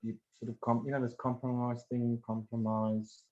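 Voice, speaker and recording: A man's voice: mid-range voice, level tone, dark tone, lo-fi sound. Rambling man in casual talk. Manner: rambling, halting, with frequent restarts and blunt swearing.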